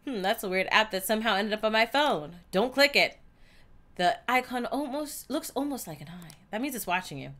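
This woman, a gameplay streamer, talks fairly quickly with a fairly high pitch and lively intonation as she plays a story game. Her casual let's-play commentary is outspoken and chatty, and she reacts loudly to what happens in the story.

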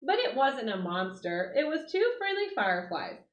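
Woman reading a kids' picture book, high voice with lively swings, roomy echo, dull lo-fi sound. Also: normal speed. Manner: animated, expressive storytelling. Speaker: 4-H club leader.

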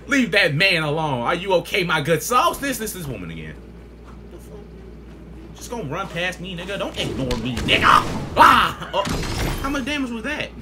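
A young man commentating his own gameplay live, hyped up, shouting trash talk at opponents and laughing and joking to himself. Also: high voice, huge pitch swings, a little fast, long pauses, noisy background. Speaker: gaming video creator. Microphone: desk mic with face cam. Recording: game sounds loud behind the voice.

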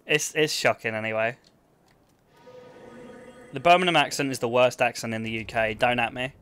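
A man's voice: mid-range voice, steady tone, normal speed, fairly bright tone, clear, resonant tone. A man with an Essex accent giving blunt, casual commentary to his chat while he plays. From England. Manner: blunt, swearing banter with chat. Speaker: gaming streamer. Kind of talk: casual live-stream commentary.

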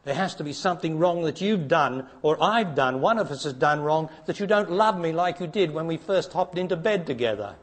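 A man giving a spiritual talk to an audience, blunt and challenging, dropping to hushed tones and then rising to emphatic ones. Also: animated, fairly quick, hardly any pauses. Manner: blunt, challenging, preacher-like, asks direct questions; swings between hushed low passages and raised emphatic ones. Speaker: spiritual teacher.

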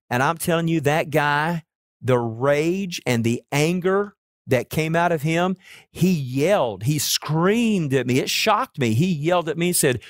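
A man preaching a sermon as pastor, telling stories earnestly and slowing down to stress key words. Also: a little high, animated, no room sound, studio quality. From Oklahoma.

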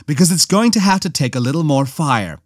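A man voicing a commanding young woman agent, raising his pitch and clipping his words. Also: lively intonation, fairly quick, dry recording, clean studio sound. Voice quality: raised pitch, clipped and demanding.

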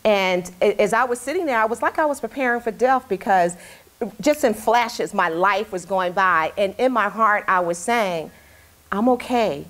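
A woman's voice: medium pitch, moderate pace, a bit bright. A woman talk show host, now the guest in an interview, telling a personal story in a candid, heartfelt way.

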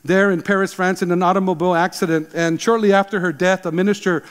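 A man in his sixties, a pastor, preaching an emphatic, animated sermon. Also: high-pitched, quick pace, long reverb tail. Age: 60s. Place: church sanctuary.

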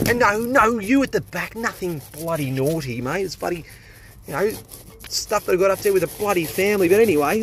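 Chatty Australian tradie, a bit high. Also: male voice, slight background noise. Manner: chatty and jokey, swears casually. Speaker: plumber filming his job. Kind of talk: casual on-the-job vlog. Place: outdoors at a drain. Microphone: handheld phone.

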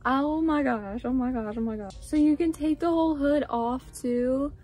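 A woman's voice: high-pitched, moderate pace. A young woman vlogger showing off her haul in a casual, gushing way, full of "like" and "oh my gosh". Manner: gushing, excitable, lots of "like" and "oh my gosh".

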